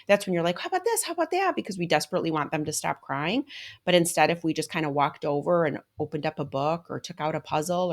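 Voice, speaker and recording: Woman in her 30s, low voice, earnest solo podcast host talking straight to the listener. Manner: earnest, coaching, speaks directly to listeners. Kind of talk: solo podcast talk on parenting.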